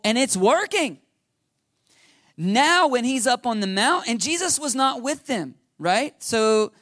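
A man's voice: high-pitched, a bit bright, no room sound, clean studio sound. A man preaching a sermon in a conversational teaching style, often checking in with his listeners. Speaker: pastor. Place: church.

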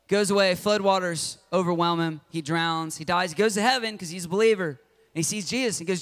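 A man preaching a sermon as pastor, passionate and swinging between loud and hushed delivery. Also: sits high, fairly quick.

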